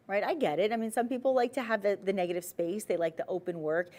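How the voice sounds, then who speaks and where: A woman hosting a TV shopping show, chatty and persuasive as she pitches jewelry. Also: fast talker, hardly any pauses, darkish tone. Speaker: shopping channel host.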